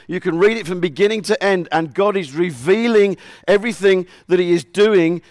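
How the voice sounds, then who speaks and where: Male preacher, higher voice, close dry sound, earnest, leans on repeated verses. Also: no echo. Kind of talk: sermon.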